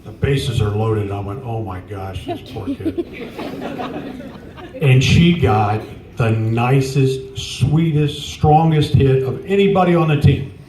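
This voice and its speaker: A man in his sixties, a softball coach, giving a tribute speech in folksy storytelling style, acting out the dialogue. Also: medium pitch, takes it slowly, a crowd in the background, noisy background. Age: 60s. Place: large room at a memorial gathering. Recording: roomy, from far off.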